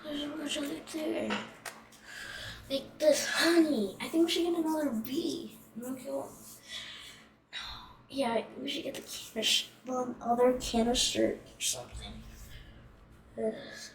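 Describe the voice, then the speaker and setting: A woman's voice: sits high, unhurried, long pauses. A woman giving casual gameplay commentary as a channel host, thinking aloud in a hesitant, rambling way. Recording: echoey room, distant mic, faint noise.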